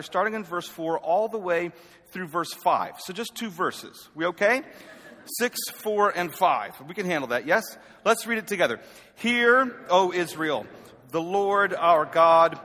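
Male pastor, conversational sermon with self-deprecating asides, long hall reverb. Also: high voice. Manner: conversational, self-deprecating, swings from loud calls to quiet asides.

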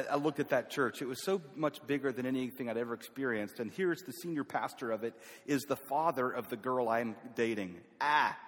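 Southern man, North Carolina roots, middle-pitched, telling a folksy story in a big reverberant hall. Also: a bit bright. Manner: folksy, self-deprecating, with laughs. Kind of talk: personal storytelling.

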